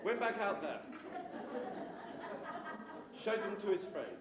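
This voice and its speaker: A man's voice: high-pitched, sing-song, slow, a loud crowd. A man from England compering an amateur variety show, telling a comic story in mock-pompous stage patter. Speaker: compere telling jokes and singing. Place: amateur theatre stage, live audience. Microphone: far room recording. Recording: echoey distant hall recording.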